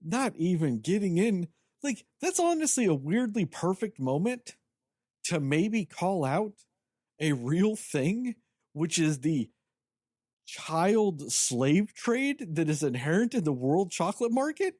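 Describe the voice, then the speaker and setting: Animated, sarcastic man reviewing movies. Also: high-pitched, slow pace, no room sound, clean studio sound. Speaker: podcast co-host. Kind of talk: casual movie review chat.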